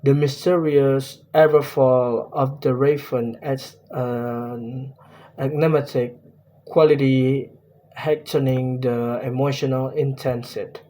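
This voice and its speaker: A man's voice: medium pitch, fairly even intonation, takes it slowly, warm tone, a little hiss or hum. A young man with an Indonesian accent giving a class presentation on a poem, hesitant and full of fillers and restarts. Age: young adult. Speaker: student presenting a poem analysis.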